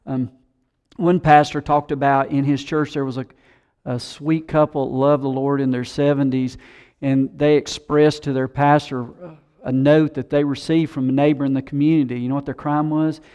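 A man preaching a sermon, animated, who acts out the voices of scoffers he quotes. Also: medium pitch, moderate pace, clean tone, muffled recording. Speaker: pastor.

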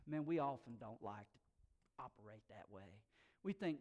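A male pastor preaching a sermon in a conversational way, swinging from quiet asides to loud, emphatic bursts. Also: mid-range voice, expressive, moderate pace. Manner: conversational, folksy fillers.

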